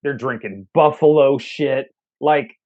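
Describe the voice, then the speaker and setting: A man's voice: mid-range voice, slow, darkish tone, lo-fi sound. Swearing, joking man ranting on a review show. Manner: profane, joking rants. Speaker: co-host film reviewer. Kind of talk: casual movie review chat.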